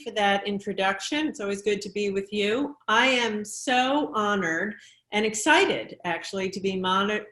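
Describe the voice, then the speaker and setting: A woman governor moderating a panel, speaking in an upbeat way and praising her fellow panelists. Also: mid-range voice. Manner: upbeat, warm praise, occasional restarts. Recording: echoey room.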